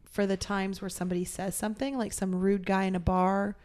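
A young woman talking casually with friends, blunt and foul-mouthed. She tells stories with lively put-on quotes, at an even, ordinary pitch. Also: a little fast. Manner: blunt, swears freely, acts out quotes. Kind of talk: casual chat.

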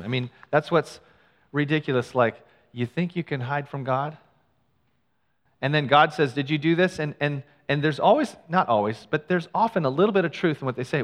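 A man's voice: fairly high pitch, moderate pace, in a large hall. A man preaching a sermon in a church, reading scripture and adding conversational, self-deprecating asides. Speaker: pastor.

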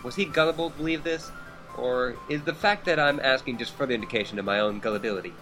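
A man's voice: medium pitch, quick pace, bright, forceful tone, faint music behind, natural voice, poor audio. A man voicing a wry, verbose teenage girl who talks in a dry, ironic way. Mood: skeptical.

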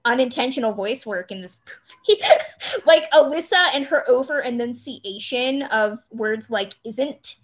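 A woman's voice: on the high side, animated, normal speed, fairly bright tone. A woman co-hosting a casual film podcast, chatty and rambling with lots of fillers. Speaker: podcast co-host.

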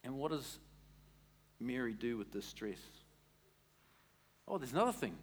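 A male pastor delivers a sermon in a conversational, animated style. His voice sits slightly higher than most men's, and he keeps throwing questions at the congregation. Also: normal speed, long pauses, a little hiss or hum.

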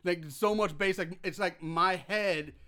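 A bright, slightly high-voiced young man hosting a horror podcast. He talks casually but flares into swearing, worked-up rants. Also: a little slow. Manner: profane, worked-up ranting. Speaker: podcast host.

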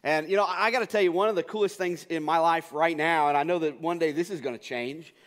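Pastor guy preaching, kinda high voice, chatty and restarts a lot, big echoey hall. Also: quick pace, a bit bright. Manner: casual storytelling with frequent restarts. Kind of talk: sermon.

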